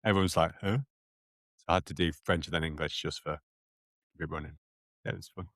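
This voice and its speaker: A man co-hosting a podcast, talking casually in a soft-spoken, low-key way. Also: fairly even intonation, quick pace, no room sound, studio quality. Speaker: podcast co-host. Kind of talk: casual chat.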